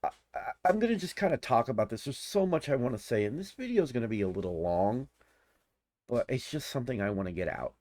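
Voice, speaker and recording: A man in his forties rambling in casual commentary, excitable and gushing, often restarting his sentences. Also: medium pitch, fast talker, dry recording. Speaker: YouTuber.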